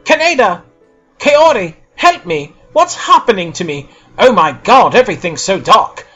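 A man voicing a frantic teenage boy with psychic powers, pitched high and shouting in a storybook reading. The voice leaps all over and has a bright, sharp edge. The audio is dull and lo-fi, with faint music underneath. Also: big pitch swings, unhurried, full character voice. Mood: panicked.

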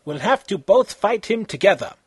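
A man's voice: high-pitched, very animated, normal speed, slightly rough, dry recording, voice pushed up, heavily acted. A man voicing a tough, loyal martial-arts hero in an amateur fan-fiction reading, plain and earnest. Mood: determined.

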